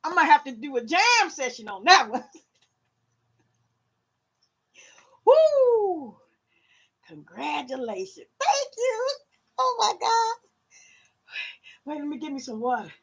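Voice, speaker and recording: A woman's voice: high-pitched, normal speed. A woman in her fifties from Louisiana with a Southern accent, chatting casually to her viewers on a home livestream. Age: 50s. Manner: animated, talks straight to viewers as "y'all". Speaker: livestream vlogger.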